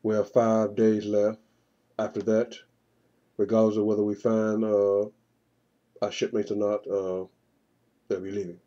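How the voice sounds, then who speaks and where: A man's voice: lowish voice, monotone, unhurried, long pauses, dark tone, lo-fi sound, lightly acted. A man reading the lines of a male ship captain briefing his crew. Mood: steady.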